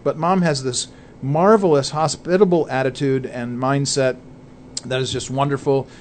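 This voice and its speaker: A man's voice: medium pitch, steady tone, normal speed, darkish tone, a little hiss or hum. A man co-hosting a Christian talk show, speaking in an earnest, preacherly way and laying out his points one by one. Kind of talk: conversational faith talk.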